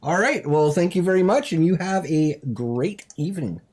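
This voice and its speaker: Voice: medium pitch, animated, normal speed, a little mellow. A talk show host bantering with callers in a mock-serious, exasperated, teasing way. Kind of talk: comedic call-in show banter.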